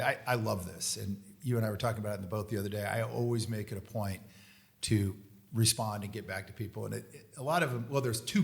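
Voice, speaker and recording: A man hosting a podcast, a relaxed, joking interviewer chatting casually. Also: on the low side, gravelly. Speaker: podcast host.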